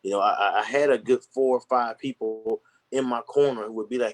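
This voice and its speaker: A man appearing as a podcast guest talks briskly in a mid-range voice. He's candid and earnest in casual conversation, rambling with restarts and slang.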